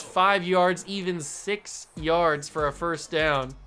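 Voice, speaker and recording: Excitable young man calling his own game. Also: high voice, unhurried, few pauses, clean tone. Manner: excitable, jokey, narrates own plays like a sportscaster. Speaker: gaming channel host. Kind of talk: casual play-by-play commentary while gaming. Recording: faint game music behind.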